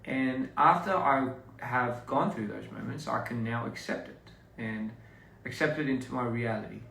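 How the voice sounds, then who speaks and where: A young man chatting casually with viewers on a livestream, relaxed and halting, with lots of fillers and restarts. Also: medium pitch, creaky. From Australia. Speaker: livestream host. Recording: roomy echo, distant mic, faint noise.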